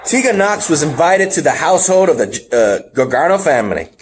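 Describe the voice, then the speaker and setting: Give me a male podcast host with a high, swooping voice who laughs through his recaps. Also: brisk, a little hiss or hum. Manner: animated, laughs often, acts out quotes. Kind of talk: casual wrestling review chat.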